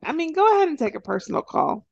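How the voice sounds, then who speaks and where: A woman co-hosting a podcast, casually recapping a TV show and acting out the characters' lines in quick, animated storytelling. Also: sits high, vocal fry, dull audio. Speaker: podcast co-host.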